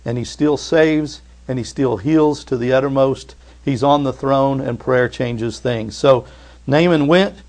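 A man preaching a sermon in a conversational way, retelling scripture and rising to loud emphatic bursts. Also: mid-range voice. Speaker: pastor.

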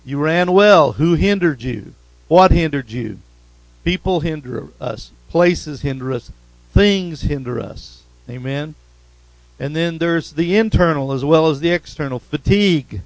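A man's voice: on the high side, lively intonation, a little slow, vocal fry, no room sound, poor audio. A man preaching a sermon as pastor, punctuating points with "amen?" and rising to emphatic repetitions. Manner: call-and-response preaching, repeated "amen?".

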